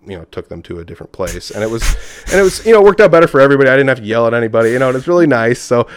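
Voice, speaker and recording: A man's voice: medium pitch, lively intonation, very fast, a little hiss or hum. A man, a podcast guest, talking in casual conversation, rambling through stories and acting out what people said. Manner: rambling storyteller who acts out quotes.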